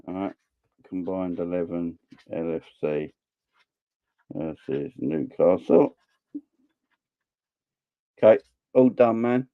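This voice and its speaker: Forty-something guy from the south of england doing a chatty live stream, lowish voice, dry dull mic. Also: a little mellow, no room sound. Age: 40s. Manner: chatty, reads and answers viewer comments. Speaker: fan channel host. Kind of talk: casual live-stream chat.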